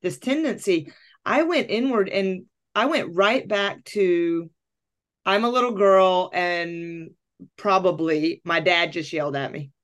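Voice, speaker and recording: In casual conversation, a woman who works as a coach and host tells a personal story, voicing her own thoughts with lively emphasis. She has a fairly low pitch and takes her time.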